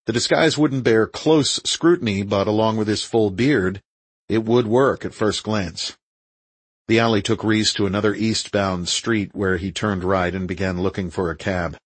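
A man reads a thriller audiobook in steady, measured narration. His voice is very deep with a husky edge. The recording is close and dry, with no room sound around it. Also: dry recording, rough recording.

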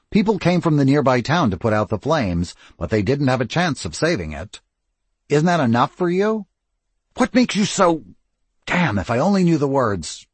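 A man voicing a blunt, brawny ancient male vampire, speaking rough and forceful. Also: medium pitch, no room sound.

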